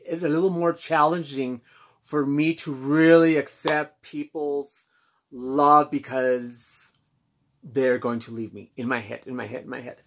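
A man speaking candidly as host of his own self-help channel, reflective and halting with many pauses and restarts. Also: a little high. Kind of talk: candid personal monologue.

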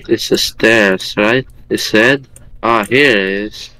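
A man's voice: lowish voice, slow pace, pushed and bright, dry recording, rough recording. A man playing a tabletop game, talking casually and asking unsure questions. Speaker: player.

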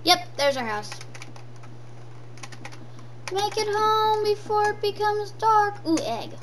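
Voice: extremely high pitch, big pitch swings, slow pace. A gameplay commentator talking in a silly, sing-song way and repeating lines over and over. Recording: distant from the mic, faint noise.

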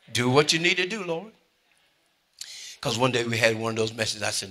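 A man preaching a sermon, calling out to the congregation and swinging between hushed asides and loud exclamations. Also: medium pitch, expressive, brisk. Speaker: pastor.

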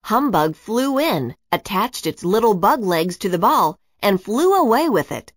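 A woman reads a children's storybook aloud with expressive, animated delivery. Her pitch swoops and dances through the lines. The sound is dry and close. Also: unhurried, dry recording. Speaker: narrator.

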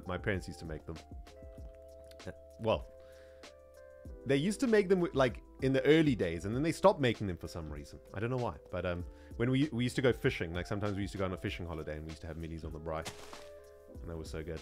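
A South African man streaming gameplay, chatting casually in an animated, slangy way and laughing often. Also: deep voice, quick pace, pauses often, soft background music. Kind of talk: casual gameplay livestream chat.

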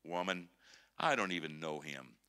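A preacher doing stubborn, gruff Peter. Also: male voice, deep voice, expressive, moderate pace, bright, forceful tone, pitched below the performer's own voice. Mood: defensive. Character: Peter, grown man disciple, stubborn and defensive.

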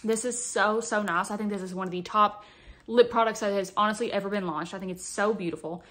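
A woman's voice: medium pitch, fairly even intonation, a little fast, fairly bright tone. A young adult woman doing a casual makeup vlog, chatty and dramatic with playful exaggeration, talking close to the camera at home. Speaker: beauty vlogger.

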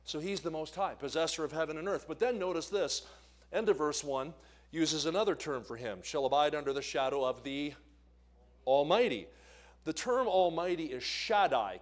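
Animated evangelist man preaching. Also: a little high, moderate pace. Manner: animated, swings between loud emphasis and quiet asides. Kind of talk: sermon. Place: church sanctuary.

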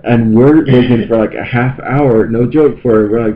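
A man's voice: mid-range voice, a little fast, few pauses. A man telling a story in casual podcast chat, acting out quotes with lots of swearing. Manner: animated, acts out quotes, swears freely. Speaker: podcast co-host. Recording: lo-fi with faint room noise.

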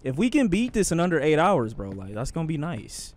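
A man's voice: on the high side, big pitch swings, a little fast, a little mellow. A man streaming a game, chatting casually in loose slang with sighs and muttered asides. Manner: loose slangy talk with sighs, muttering under his breath. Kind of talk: casual live-stream commentary while gaming.

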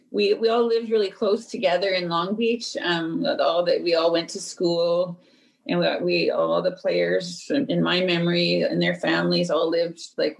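A woman's voice: on the low side, vocal fry, rough recording. A woman guest recalling her childhood in a chatty, rambling way, laughing between thoughts. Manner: chatty, laughing, many 'like's. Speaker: interview guest. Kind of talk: casual interview recollection.

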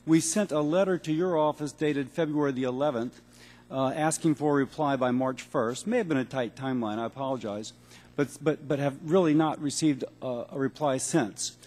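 Brisk man firing off hearing questions. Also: mid-range voice, darkish tone. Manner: brisk, auctioneer-like, blunt yes-or-no questioning. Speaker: congressman and physician questioning a witness. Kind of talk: rapid-fire hearing questions. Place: large hearing room.

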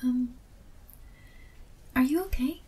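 A woman's voice: high-pitched, slow, dark tone, husky, heavily acted. A woman voicing an awkward young female fan who meets her favorite author, in a whispered role-play with self-deprecating, apologetic chatter. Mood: flustered.

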